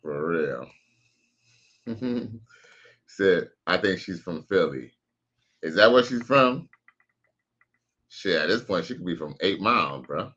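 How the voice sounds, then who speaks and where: A man's voice: sits low, animated, slow pace, long pauses, pushed and bright, breathy edge, dull audio. A man casually commenting on a live stream, slangy and profane, reacting to clips and reading out chat. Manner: laid-back, slangy, profane, reads out chat messages.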